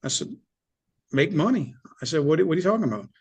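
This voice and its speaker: A middle-aged man telling his business story in an interview, in a blunt, animated way with some swearing. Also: a little high, fast talker, slightly rough. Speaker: business owner guest.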